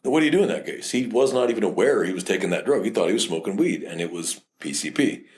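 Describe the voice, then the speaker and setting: Blunt, profane cop talking on a podcast. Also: male voice, lowish voice, fast. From South Texas. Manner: blunt and profane, with animated storytelling. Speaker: police officer, podcast co-host. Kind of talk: casual podcast chat.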